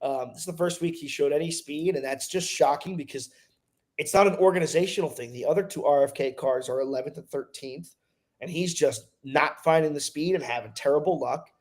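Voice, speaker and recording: A man co-hosting a casual racing talk show, giving emphatic, animated opinions. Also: fairly high pitch, brisk. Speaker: co-host. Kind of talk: casual racing podcast chat.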